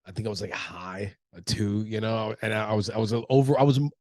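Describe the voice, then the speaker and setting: A man's voice: fairly low pitch, a little fast, a little mellow, no room sound. A man in his thirties, stuffy from allergies, talking casually and profanely in a loose, rambling way as a comedian hosting his own show. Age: 30s. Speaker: comedian podcast host. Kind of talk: casual solo talk.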